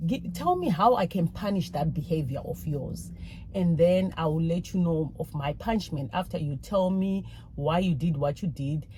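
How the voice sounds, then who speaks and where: A woman voicing her husband as a calm, steady father who questions the children in a measured, reasonable way. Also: on the high side, noisy background, close to an everyday voice.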